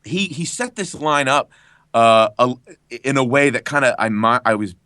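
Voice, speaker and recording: A man's bright, forceful voice, close and dry, with no room around it. He rambles through the story in casual podcast chat, swearing freely and breaking into laughter. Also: mid-range voice, expressive, moderate pace, smooth, no echo. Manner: rambling, profane anecdote telling with frequent laughs. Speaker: guest voice actor.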